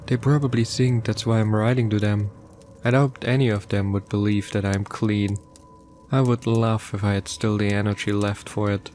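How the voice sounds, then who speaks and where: Male horror narrator, low register, somber, measured first-person reading. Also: flat delivery, darkish tone, soft background music. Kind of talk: scripted horror story narration.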